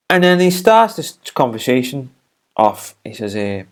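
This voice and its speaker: A man's voice: medium pitch, big pitch swings, moderate pace. A man casually reviewing a TV episode, retelling the plot in a rambling way with many restarts and fillers.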